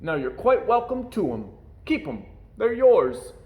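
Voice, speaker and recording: A man voicing a gentle, big-hearted male moose who speaks earnestly. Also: high-pitched, big pitch swings, a little slow, narrow, tinny audio, voice pushed up. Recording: echoey room.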